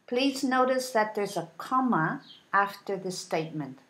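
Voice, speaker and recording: A woman teaching an English lesson, reading example sentences and modeling intonation with deliberate, clear enunciation. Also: medium pitch, animated, a bit bright. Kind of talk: slow, careful English lesson.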